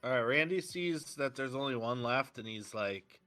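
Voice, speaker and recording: A man with a very bright, sharp voice, playing a tabletop game and narrating what his character does. Faint music plays underneath. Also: medium pitch, animated, normal speed, few pauses. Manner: describing his character's actions. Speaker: player.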